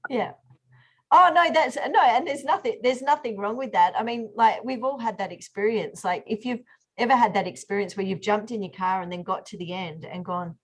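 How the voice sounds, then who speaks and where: A woman's voice: medium pitch, normal speed, breathy edge. Chatty woman hosting a workshop. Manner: chatty, many fillers and restarts. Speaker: workshop host. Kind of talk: online group workshop. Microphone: video call.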